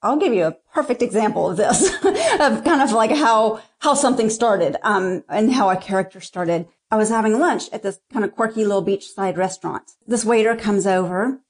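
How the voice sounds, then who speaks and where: Woman, author, interview guest, mid-pitched voice, frank, rambling, chatty. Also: moderate pace. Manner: frank, rambling, with many restarts. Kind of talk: casual interview talk.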